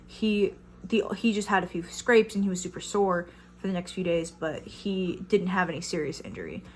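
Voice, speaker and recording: A woman's voice: fairly low pitch, expressive, moderate pace, a little hiss or hum. A young woman in her twenties telling a casual storytime vlog, chatty, with lots of fillers and some swearing. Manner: chatty, many fillers, swears when riled. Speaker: vlogger.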